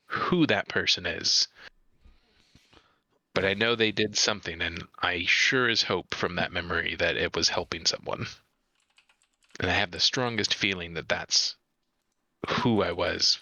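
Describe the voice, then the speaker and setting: A man playing a tabletop game, describing his character's actions in a halting, hesitant way. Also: deep voice, steady tone, pushed and bright, dry recording, low-quality recording. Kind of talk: in-character roleplay and narration.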